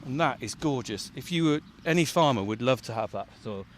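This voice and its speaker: A farmer featured on the radio chats casually while digging and working outdoors in a farm field. His medium-pitched voice is expressive and a little fast, and he laughs often and puffs as he digs. Slight background noise is audible.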